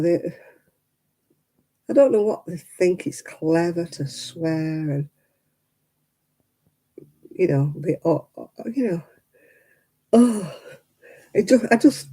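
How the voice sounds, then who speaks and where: An older woman from the United Kingdom chats on her craft livestream in a lowish, dark, slightly rough voice, with poor audio. Crafting as she talks, she rants indignantly and rambles, using plenty of fillers.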